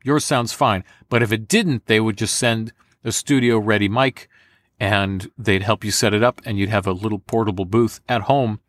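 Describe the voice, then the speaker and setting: A man's voice: lowish voice, no room sound. Joking, rambling man with a dry sound. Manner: animated, rambling, quick to joke. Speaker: voice actor guest. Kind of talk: casual interview chat. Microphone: home studio condenser mic.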